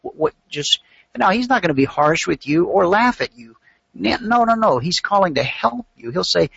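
A middle-aged man mentoring traders in an instructional talk, animated and acting out the people he describes in little scenes. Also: sits high, normal speed, creaky, slightly rough, dry recording, muffled recording. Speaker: trading mentor.

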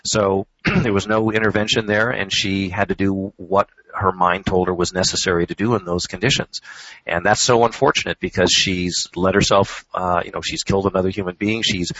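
A man talking in a measured, reflective and candid way as a regular on a radio show. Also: low-pitched, fairly bright tone, no echo. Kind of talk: casual radio talk. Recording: dull, dry radio sound.

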